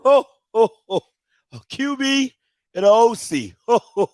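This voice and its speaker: A man's voice: very high-pitched, very animated, unhurried, a little mellow, no room sound, exaggerated voice. A man playing a jolly mall Santa in a comedy skit, ho-ho-ing and cracking up at the kids. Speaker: host.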